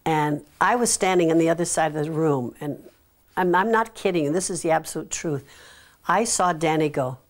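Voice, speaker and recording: A woman in an interview telling an anecdote with animated storytelling and hesitant fillers. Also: low-pitched, moderate pace.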